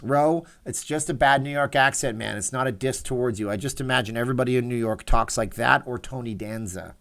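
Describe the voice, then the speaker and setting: A man in his forties chatting on a livestream at an average pitch. He rambles from one thing to the next and reads viewer comments aloud in a relaxed, casual way. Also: brisk, few pauses. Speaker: livestream host.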